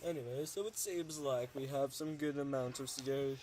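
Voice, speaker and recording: A man's voice: mid-range voice, normal speed, a little mellow, pitched above the performer's own voice, lightly acted. A man narrating a plush video and putting on silly character voices, hopping between them.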